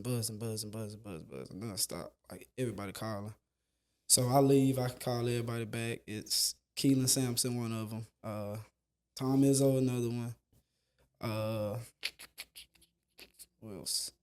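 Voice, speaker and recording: Animated, slangy male basketball coach. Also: medium pitch. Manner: animated storyteller, repeats phrases for emphasis, slangy. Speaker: basketball coach and mentor, interview guest. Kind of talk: casual interview talk.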